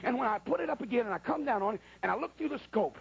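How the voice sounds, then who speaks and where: A man's voice: extremely high pitch, animated, rapid-fire, creaky, slightly rough, lo-fi sound. A man preaching in a church, telling a folksy, colloquial story as part of a sermon. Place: church at a pulpit.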